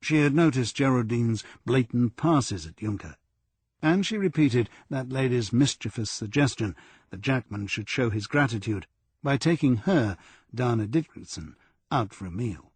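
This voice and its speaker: Husky male narrator, mid pitch, dry close-mic crime reading. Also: lively intonation, moderate pace, no room sound. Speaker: audiobook narrator. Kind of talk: scripted narration.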